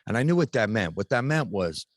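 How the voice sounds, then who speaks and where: A man's voice: on the low side, big pitch swings, brisk, no room sound. A man in his thirties, a podcast guest, telling a personal story in a casual, frank way and swearing freely.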